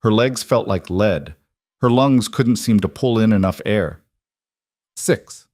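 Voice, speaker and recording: Low voiced guy narrating a dark story, steady and measured, dry close mic. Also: dry recording.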